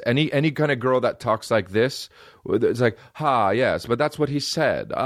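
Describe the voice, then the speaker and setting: A man's voice: fairly high pitch, dry recording, studio quality. A man hosting a podcast, ranting in a profane, rambling, comedic monologue. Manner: profane, rambling, animated rants. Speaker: podcast host.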